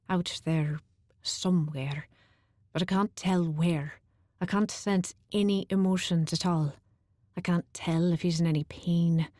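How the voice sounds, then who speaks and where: A woman narrator voicing a grieving young man who speaks in a choked, halting way. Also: lowish voice, darkish tone, dry recording, studio quality.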